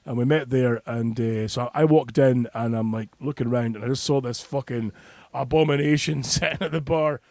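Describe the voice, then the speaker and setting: A man's voice: mid-range voice, moderate pace, darkish tone, no echo. A middle-aged Scottish man telling a rowdy anecdote on a podcast, swearing freely and laughing between lines. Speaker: podcast co-host. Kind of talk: casual podcast chat.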